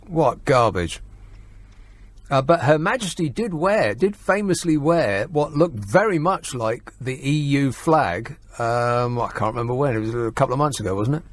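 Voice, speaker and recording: A man's voice: mid-range voice, expressive, normal speed, no echo. A man hosting a talk radio phone-in, sardonic and mocking, laughing often.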